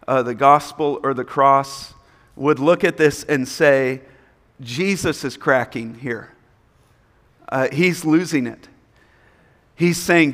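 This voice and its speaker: Male preacher, emphatic sermon delivery, higher-pitched, reverberant hall sound. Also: fairly bright tone. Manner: earnest, emphatic preaching with repeated points. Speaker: pastor.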